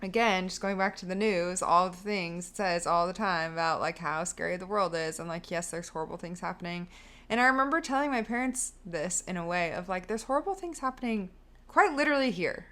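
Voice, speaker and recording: Chatty woman with a lowish voice. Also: steady tone, a little fast, fairly bright tone. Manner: chatty, frequent "like" fillers and restarts. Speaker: podcast co-host. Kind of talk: casual chat.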